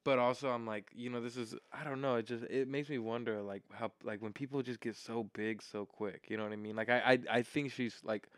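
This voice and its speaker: A man co-hosting a podcast, talking loosely and excitedly with lots of filler words. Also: mid-range voice, a little fast, few pauses, dry recording. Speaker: podcast co-host. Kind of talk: casual chat.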